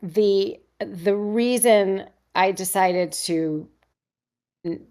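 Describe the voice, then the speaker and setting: A middle-aged woman, an actress interviewed as a guest, telling a candid story in an animated, conversational way with frequent restarts. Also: mid-range voice, extremely slow. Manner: animated, acts out others' lines in voices, frequent restarts.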